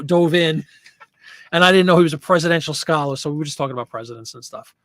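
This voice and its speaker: A man's voice: a little high, fairly bright tone, no room sound, clean studio sound. A man hosting a casual live stream, chatting loosely and answering viewer comments as he rambles. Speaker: host.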